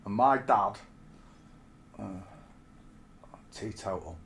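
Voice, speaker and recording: A man's voice: lowish voice, extremely slow, a bit bright. A man in his forties from England, telling rambling stories in casual chat and calling the listener mate. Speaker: streamer.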